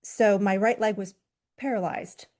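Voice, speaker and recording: A woman's voice: mid-range voice, fairly even intonation, a little slow, a little mellow. A woman in her forties, a yoga teacher from Los Angeles, telling her own story in a talk in an earnest, candid way with fillers and self-corrections.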